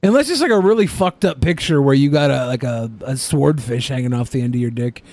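A man's voice: mid-range voice, brisk, darkish tone, no echo. A man co-hosting a podcast in casual banter, crude and jokey, often laughing. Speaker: podcast co-host.

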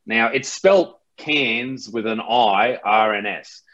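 A man's voice: mid-range voice, slow pace, fairly bright tone, muffled recording. A man from Australia with an Australian accent, a guest chatting casually and mocking himself, often restarting his sentences. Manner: laid-back, self-mocking, many restarts. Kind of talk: casual interview chat.

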